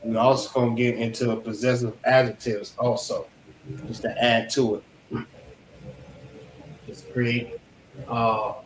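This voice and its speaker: A man leads an informal lesson at an unhurried pace, often repeating himself and checking in with the class. The room is reverberant, with a faint hum of ambience behind him. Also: mid-range voice. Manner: relaxed, repeats phrases, checks understanding. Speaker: class teacher.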